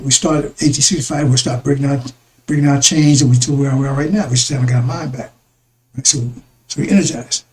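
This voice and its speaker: A man's voice: sits high, vocal fry, darkish tone, poor audio. A man giving a rambling religious talk to his listeners, repeating himself and calling them brothers and sisters. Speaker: religious broadcaster.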